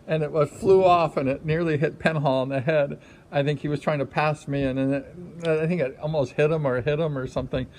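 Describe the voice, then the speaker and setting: A middle-aged man casually telling a story, rambling with many fillers and acting out quotes with sudden high exclamations. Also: a little mellow. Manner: rambling, frequent "you know, like" fillers. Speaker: livestream host telling a racing story.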